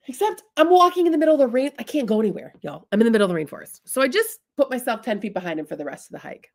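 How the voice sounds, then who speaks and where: Woman from the Midwest, comic storytelling talk, lively swooping pitch, chatty asides to the audience. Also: racing, creaky, hardly any pauses. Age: adult, married. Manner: chatty, comic, addresses listeners as "y'all". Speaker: speaker telling a personal story.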